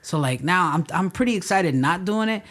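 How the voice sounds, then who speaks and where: A man's voice: sits high, animated, a little fast, fairly bright tone. A male stand-up comedian in casual chat, giving advice in a slangy, reassuring and emphatic way. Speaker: stand-up comedian, podcast guest.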